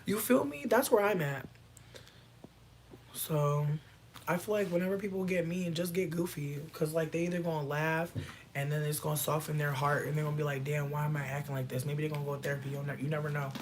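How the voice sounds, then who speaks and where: A woman's voice: deep voice, steady tone, fairly quick, slight background noise. A woman chatting casually on a livestream, reading and answering comments in a playful, laid-back way with plenty of swearing.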